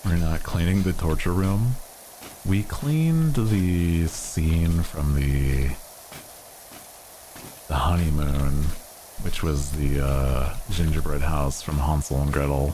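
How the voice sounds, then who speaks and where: A man's voice: rumbling low, slow, background noise. A young man streaming a game, chatting casually and rambling with fillers and restarts. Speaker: VTuber streamer. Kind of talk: casual gaming stream chat.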